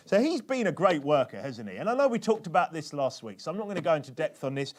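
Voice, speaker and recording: A British preacher delivers his sermon in a relaxed, conversational way. His voice sits slightly above the usual male range, and he keeps drawing the congregation in with quick tag questions. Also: a little high.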